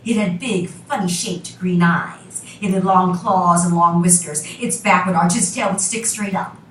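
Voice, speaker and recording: A woman teacher telling a children's story to her class with drawn-out repeated emphasis. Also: fairly low pitch, fairly even intonation, fairly bright tone, a little hiss or hum. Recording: roomy classroom from a distance.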